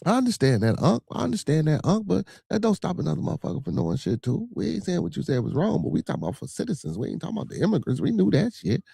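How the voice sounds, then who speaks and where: A man's voice: on the high side, big pitch swings, very fast, vocal fry, few pauses, mellow, husky, no echo, clean studio sound. A man with a Chicago accent hosting a livestream, joking and cursing loosely while reading chat comments aloud. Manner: loose, profane, joking banter with frequent filler. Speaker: livestream podcast host.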